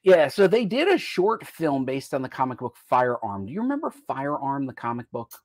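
An American man hosts a casual live stream, his medium-pitched voice very animated and brisk as he rambles and jumps between topics mid-sentence. The recording is dry, with clean studio sound.

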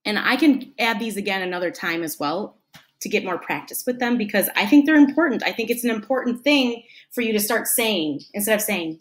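A woman's voice: mid-range voice, animated, normal speed. A woman teaching a lesson to children in a patient, friendly way, acting out the example sentences. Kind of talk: classroom lesson talk.

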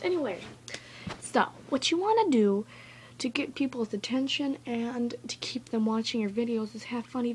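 A woman vlogger films a casual tutorial in her bedroom, rambling, goofy, chatty and easily distracted. Her voice is on the high side, and the recording is very noisy.

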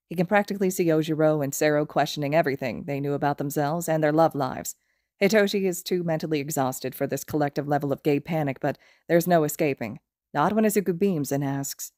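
Low-voiced woman reading fan fiction. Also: dry recording, studio quality. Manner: steady, expressive storytelling. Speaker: podfic reader.

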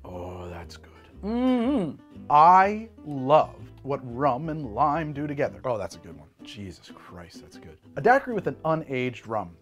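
A middle-aged man hosting a casual cocktail tutorial at his home bar, chatty and animated, swearing freely. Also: fairly high pitch. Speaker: host making cocktails.

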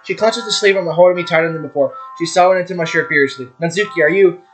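Young guy reading a visual novel out loud real quick, keeps flubbing names and swearing, music playing behind. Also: on the high side. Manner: reads fast, stumbles on names, swears and laughs at himself. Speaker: gaming YouTuber. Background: background music.

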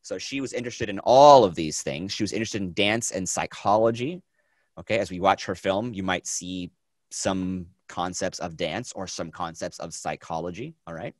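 A man teaching a film class, talking in a lively, conversational way and asking the students questions. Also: sits low, normal speed, dry recording. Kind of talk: classroom lecture.

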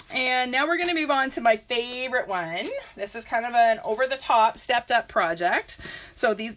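A woman's voice: on the high side, a bit bright. A woman giving a chatty live craft tutorial, talking viewers through each step and greeting them by name. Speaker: papercraft demonstrator.

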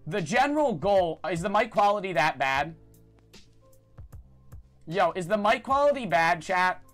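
A man live-streaming, talking fast and cursing, on a cheap lavalier mic that sounds blown out. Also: high-pitched, big pitch swings. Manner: fast, profane, bursts into shouting. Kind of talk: casual live stream chat. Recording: distorted lavalier mic, music behind.

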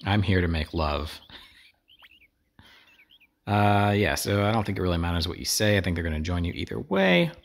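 A man's voice: lowish voice, lively intonation, fast talker, gravelly, hardly any pauses. A man giving casual, rambling commentary while playing a video game, with wry asides to his viewers. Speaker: gameplay streamer. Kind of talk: casual let's play commentary.

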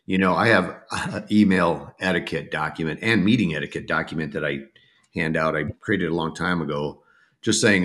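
Very deep-voiced man in casual chat. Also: moderate pace, fairly bright tone. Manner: reflective, restarts thoughts mid-sentence. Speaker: podcast co-host and recruiter.

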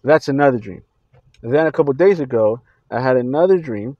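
A man's voice: mid-range voice, expressive, no echo, highs cut off. Rambling man recounting his dreams. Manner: rambling, halting, many fillers and restarts. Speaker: Christian channel host.

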